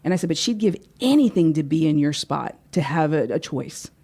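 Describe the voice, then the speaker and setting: A woman with a somewhat low voice tells a personal story as a studio interview guest. She is an animated storyteller who acts out both sides of a conversation. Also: fairly quick, husky. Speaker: guest speaker and life coach. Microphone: studio microphone.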